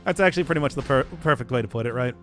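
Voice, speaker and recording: A man's voice: medium pitch, very fast, a bit bright, faint music behind. A man streaming a game, rambling in casual commentary and laughing at his own jokes.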